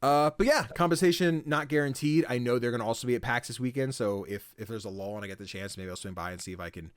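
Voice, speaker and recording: A man hosting a podcast in casual chat, animated, swearing casually and often slipping into voices. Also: fairly low pitch, fast talker, smooth, no echo, clean studio sound. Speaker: podcast host.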